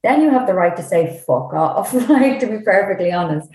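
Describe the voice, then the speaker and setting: A woman co-hosting a casual podcast chat about nutrition coaching, speaking in a measured, thoughtful way with frequent fillers like "kind of" and "like". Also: mid-range voice, animated, darkish tone. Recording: roomy echo.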